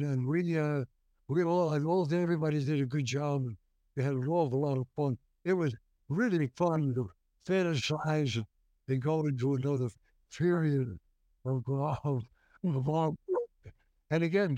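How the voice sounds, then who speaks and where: Older male guest actor; rambling storyteller, warm dark timbre, close dry mic. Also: fairly high pitch, no echo. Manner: rambling, many restarts and fillers. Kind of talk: storytelling interview.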